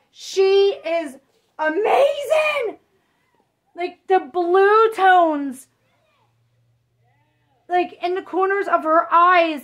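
A woman who collects reborn dolls, gushing breathlessly in an excited unboxing vlog and shaky with excitement. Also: sits high.

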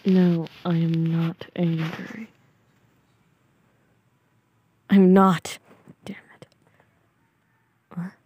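A grumpy, sleepy young man, as a woman puts him on in a whispered role-play. His voice is very husky and breathy, dark in tone, and he drags each word out slowly. He talks in a curt, irritable, mocking way. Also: sits low, flat delivery, no room sound, exaggerated voice. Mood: irritated. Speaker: voice actor.

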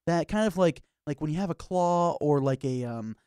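A man's voice: on the high side, animated, moderate pace, dark tone, smooth, no room sound, clean studio sound. A man co-hosting a podcast, chatting casually about games and horror, acting out scenes in put-on voices. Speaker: podcast co-host.

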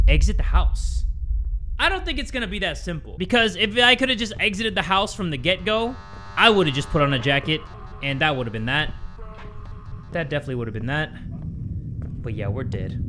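Playing a horror game at home, this young YouTuber chats with his audience, swearing often and shrieking whenever something startles him. He sounds bright and forceful, pitched on the high side, expressive and at a normal pace. A slight hiss or hum sits under the audio.

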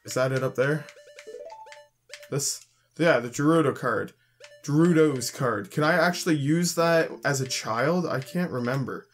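A young Canadian man hosts a let's play, talking in a medium-pitched, unhurried voice with faint music behind him. He chats casually as he plays, grumbling, joking, and reading the game's text aloud.

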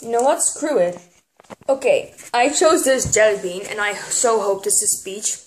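A teenage girl, filming a casual vlog and getting excitable, squealing when something pleases her. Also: medium pitch, unhurried, a little hiss or hum. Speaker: vlogger. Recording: echoey room.

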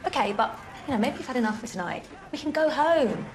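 A fast-talking sarcastic young british woman, fairly high, music under her. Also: expressive. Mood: dry. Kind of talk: British TV sitcom acting.

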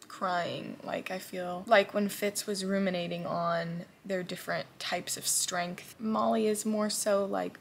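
A young woman chats about her reading in a casual vlog, gushing and peppering her talk with fillers. Her voice has a gravelly, fry-laced texture. A faint hiss sits under the recording. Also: mid-range voice. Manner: chatty and gushing, many "like" fillers. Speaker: book vlogger.

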